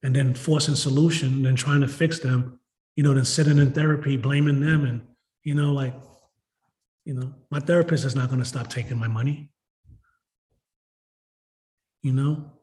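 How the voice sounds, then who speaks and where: A man's voice: medium pitch, steady tone, brisk, a little mellow. Emotional man sharing his story. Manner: emotional, rambling, many fillers like "you know". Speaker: recovery meeting member sharing. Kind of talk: personal testimony share.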